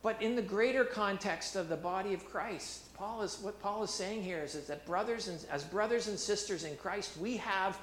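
A man with a high voice preaches an animated, emphatic sermon, circling back over his words and restarting phrases as he builds. His voice rings through an echoey church hall. A faint hiss of background noise sits under it. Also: normal speed, few pauses. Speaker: pastor.

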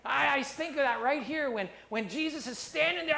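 A man with a fairly high voice preaching a sermon. He drops low and soft for the scripture passages, then lifts his voice loud and animated when he drives a point home. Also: moderate pace, gravelly, hardly any pauses. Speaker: pastor.

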